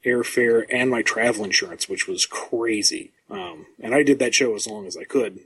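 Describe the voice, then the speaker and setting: A man who writes comics, talking as a podcast guest in a measured, self-deprecating way with frequent ums. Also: mid-range voice, a bit bright, husky. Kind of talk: casual podcast chat.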